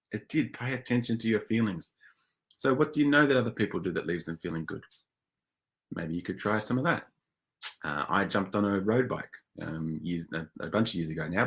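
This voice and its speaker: A man's voice: sits low, fairly bright tone. A man presenting a webinar in a chatty, enthusiastic way, often restarting his sentences. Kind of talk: conversational webinar talk.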